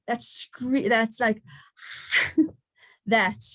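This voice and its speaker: A woman's voice: fairly high pitch, very slow, a bit bright, no room sound. A woman hosting an online gathering, sharing personal stories in a chatty way with frequent laughter and fillers.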